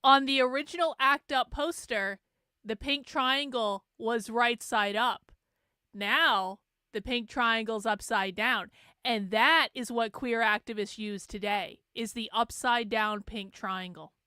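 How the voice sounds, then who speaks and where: A woman host talking over archival footage with an incredulous edge. Her voice is bright and crisp, on the higher side, recorded close and dry with no room sound. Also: takes it slowly, no room sound. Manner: incredulous, reacting with exclamations. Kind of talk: commentary over archival clips.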